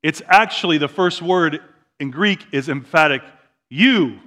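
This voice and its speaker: A man pastor preaching a sermon in a church, moving between quiet, slow asides and loud, emphatic declarations. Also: fairly high pitch. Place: church sanctuary.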